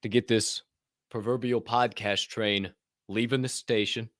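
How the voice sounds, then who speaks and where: A man's voice: fairly low pitch, steady tone, a little slow, no echo, clean studio sound. A man hosting a podcast, joking and swearing casually, laughing at his own bits. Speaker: podcast host. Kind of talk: casual chat.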